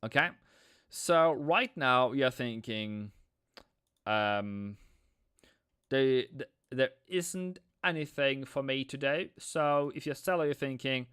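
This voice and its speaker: Male streamer, chatty live trading talk, smooth clear voice, dry close sound. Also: medium pitch, animated, measured pace, a bit bright, dry recording. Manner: chatty, repeats himself, answers viewers. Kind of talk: live-stream market analysis.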